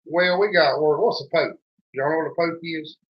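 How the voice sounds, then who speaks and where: A man's voice: a little high, moderate pace, a little hiss or hum. A man with a thick rural North Carolina accent, chatting in a folksy, drawling way as the host of a homesteading show. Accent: Southern US, North Carolina. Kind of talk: casual chat. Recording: dull lo-fi sound.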